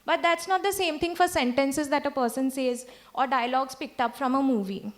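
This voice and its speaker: A woman's voice: sits high, moderate pace. A woman giving a conference lecture as a speech-language pathologist, explaining and often checking in with the audience.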